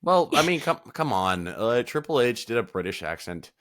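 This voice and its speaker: A man's voice: mid-range voice, big pitch swings, normal speed, a bit bright, dry recording, clean studio sound. A man co-hosting a podcast in casual chat, laid-back and swearing freely. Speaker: podcast co-host.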